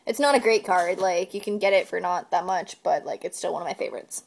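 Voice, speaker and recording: A woman co-hosting a relaxed video where she opens trading cards. She is chatty, reacts quickly to each card, and talks about the ones she likes. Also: lowish voice, gravelly. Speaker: video co-host. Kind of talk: casual card-opening chat.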